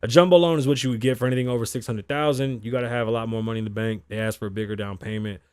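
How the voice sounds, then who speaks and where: A blunt man hosting a talk show, reading headlines and then ranting about them with plenty of swearing. His voice sits at a middle pitch for a man. It is recorded close and dry, with no room sound. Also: fairly even intonation, racing, clear, resonant tone, no room sound. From Las Vegas, Nevada (lives there). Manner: blunt, heavy swearing, reads news aloud and riffs. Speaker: podcast host. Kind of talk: casual talk-show commentary, profane.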